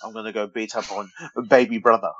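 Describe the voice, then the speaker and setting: A man's voice: lowish voice, little pitch movement, fairly quick, no room sound, muffled recording. A man co-hosting a wrestling podcast in casual chat, joking and teasing, often stumbling over names. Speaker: podcast co-host.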